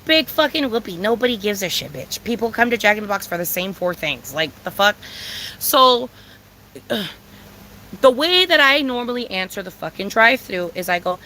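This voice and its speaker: A woman's voice: mid-range voice, normal speed, a little hiss or hum, poor audio. A woman telling a storytime rant in casual, blunt, profane talk, repeating herself for emphasis. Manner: profane, blunt and repetitive, with lots of fillers; animated, with sudden loud outbursts.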